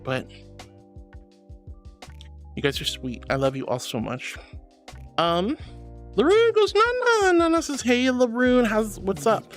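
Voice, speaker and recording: Gushing streamer with a lively, swooping voice who calls chat "sweetie," faint music underneath. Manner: bubbly, affectionate, calls viewers sweetie; swoops into high squeals of excitement. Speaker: VTuber streamer. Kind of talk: livestream chat reading viewer messages.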